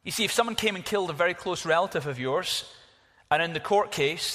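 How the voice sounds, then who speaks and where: A preacher delivers a sermon with emphatic, animated storytelling. His voice sits a little high for a man. A long reverb trails after every phrase, as in a large hall. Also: a little fast.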